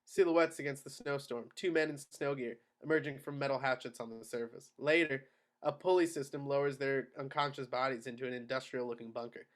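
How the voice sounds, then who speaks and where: A man narrating the stage directions of a screenplay at a table read in a steady, matter-of-fact way. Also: medium pitch, fairly quick. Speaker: narrator of action lines.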